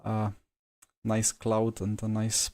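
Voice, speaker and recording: A man's voice: on the low side, completely flat delivery, slow pace, a little mellow. A man streaming a sim race, out of breath and chatting casually as he talks through the race. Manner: breathless, chatty and reflective after racing. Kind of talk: casual live commentary while sim racing.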